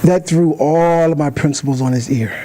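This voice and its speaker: High-voiced animated male speaker. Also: moderate pace, slight background noise, poor audio. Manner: animated, acts out voices in his stories. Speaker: guest speaker. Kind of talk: storytelling speech. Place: meeting hall.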